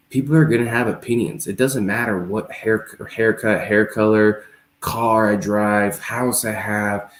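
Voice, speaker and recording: Earnest low-voiced man in a roomy echo. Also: a little mellow. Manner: earnest, reflective storytelling. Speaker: show host. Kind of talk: casual discussion.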